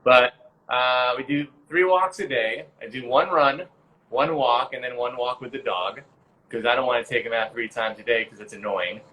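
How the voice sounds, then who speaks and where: A man's voice: mid-range voice, moderate pace, bright, forceful tone, slight background noise, low-quality recording. A man hosting a casual live-stream chat from home, joking and reading out viewer questions. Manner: chatty, jokey, reads out viewer questions. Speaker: host of a live-stream interview. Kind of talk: casual video-call chat. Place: home, during lockdown.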